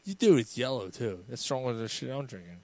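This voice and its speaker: A man's voice: mid-range voice, lively intonation, quick pace, a little mellow, dry recording. A man co-hosting a podcast, telling a story in casual banter, swearing a lot, laughing and acting out what people said. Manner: profane, laughing, acts out quotes. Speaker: podcast co-host.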